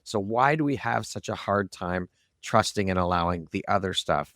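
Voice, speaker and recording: Gravelly low-voiced man hosting a podcast. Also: moderate pace, a bit bright, dry recording, studio quality. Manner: affirming, frequent agreeing backchannels. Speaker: podcast host. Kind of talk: casual conversational interview.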